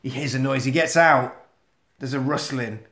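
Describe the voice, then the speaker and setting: A man retelling a film plot in casual, animated, sweary storytelling. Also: mid-range voice, moderate pace, echoey room.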